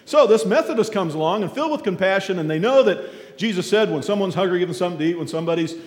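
A man visiting a church as a guest preacher tells a folksy story for his sermon, his voice sitting high. He starts haltingly with lots of fillers, then livens up and shouts the characters' cries. The large church hall gives the recording a long, echoing reverb.

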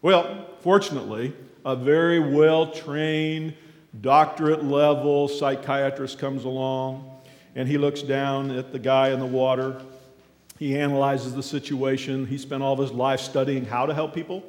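A man speaking as a guest at a church, telling a folksy story as a sermon. He talks haltingly with many fillers, then gets lively and shouts out the characters' cries. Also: medium pitch. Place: large echoing church hall. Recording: echoey hall with long reverb.

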